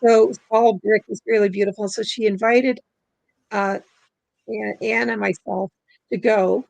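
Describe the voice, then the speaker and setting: A middle-aged woman from Canada tells a long personal story in casual interview talk. Her voice has a gravelly edge at a medium pitch. She rambles, restarts often and leans on fillers. The sound is dry and close. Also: steady tone, moderate pace, darkish tone, dry recording, low-quality recording. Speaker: guest spirit releasement practitioner.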